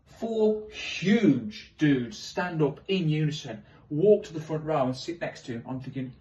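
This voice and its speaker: A man doing animated, self-mocking stand-up storytelling on stage. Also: on the high side, unhurried, recorded from a distance, muffled recording. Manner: animated, self-mocking, swings into loud exclamations. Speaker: stand-up comedian.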